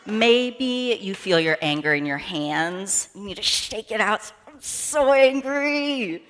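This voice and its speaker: Lively woman leading children in church. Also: mid-range voice, measured pace. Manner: playful, animated, leads movement and shouting. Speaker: children's message leader. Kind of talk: children's time talk at a church service. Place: large church sanctuary. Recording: echoey hall from the room mic.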